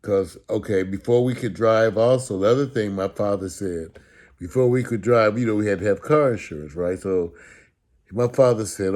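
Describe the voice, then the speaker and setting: A man telling humorous stories about his upbringing in a sarcastic, animated way, with casual swearing. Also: on the low side, moderate pace. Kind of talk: humorous storytelling talk.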